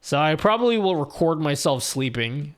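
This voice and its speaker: A young male streamer with a slightly higher voice than most men chats loosely with his viewers. He rambles, restarts his sentences, laughs often and swears casually. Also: very animated, normal speed. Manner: laid-back and profane, rambling with restarts and laughs. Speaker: live streamer. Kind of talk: casual live-stream chat, reading chat aloud.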